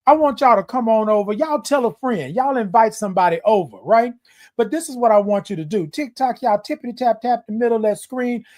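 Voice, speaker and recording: A man with a high-pitched voice hosts a live morning stream over social media. His delivery is affectionate and repetitive, with a preacherly rhythm as he speaks straight to his viewers. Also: a little fast, darkish tone. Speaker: host of a live morning show. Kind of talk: casual livestream talk.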